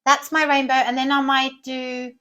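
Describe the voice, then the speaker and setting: A woman's voice: high-pitched, flat delivery, moderate pace, sharp tone. A woman giving a cheerful, encouraging drawing lesson to children, often asking the viewers questions. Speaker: children's art teacher.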